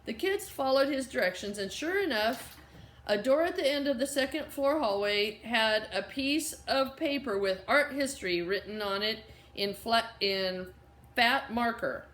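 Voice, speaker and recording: A woman narrating a children's novel in a clear, steady reading voice. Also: on the high side, measured pace. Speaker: audiobook narrator. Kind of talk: scripted storybook narration. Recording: roomy echo.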